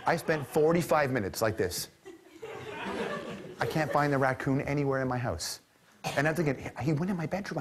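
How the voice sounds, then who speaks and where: A man hosting a TV talk show, telling a comic story about himself in an animated, self-mocking way with quick asides. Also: on the high side, noisy background.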